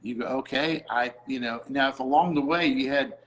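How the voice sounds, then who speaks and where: A man's voice: mid-range voice, normal speed, fairly bright tone, lo-fi sound. Man producer telling a story. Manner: storytelling, acts out quoted voices. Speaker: music producer. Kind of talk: casual faith talk.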